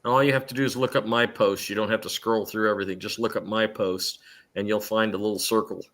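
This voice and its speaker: A man's voice: on the low side, steady tone, fast talker, a bit bright. A middle-aged man hosting a live stream show in rambling, chatty conversation, restarting his sentences often. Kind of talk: casual chat.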